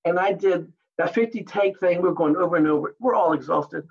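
A man, a martial artist and actor, telling animated anecdotes in an interview and acting out other people's lines. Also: sits high, brisk, vocal fry, highs cut off. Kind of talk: storytelling interview.

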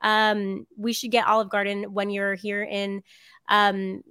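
A woman's voice: medium pitch, little pitch movement, slow, pushed and bright, clean tone, no room sound, clean studio sound. A woman hosting a podcast in a casual interview, chatty and bubbly, often saying "um" and "like". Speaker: podcast host.

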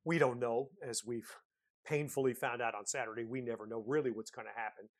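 A man's voice: medium pitch, steady tone, a little fast. A man analyzing college football on a talk show, speaking emphatically and conversationally. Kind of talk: casual sports talk.

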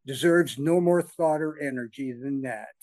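A man's voice: medium pitch, a little slow, darkish tone, no room sound. A man on a sports talk panel, telling a wry story with chuckling asides. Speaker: podcast panelist.

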